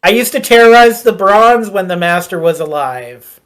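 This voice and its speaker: A woman voicing a creepy, smiling male vampire who taunts in a slow, low, half-whispered way. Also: animated, close to an everyday voice. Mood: mocking.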